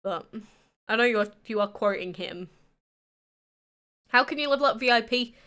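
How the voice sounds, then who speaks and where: A woman's voice: on the high side, moderate pace, pushed and bright, smooth. A nineteen-year-old woman with an English accent, chatting on a livestream and answering viewers' questions. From England. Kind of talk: casual chat answering live chat.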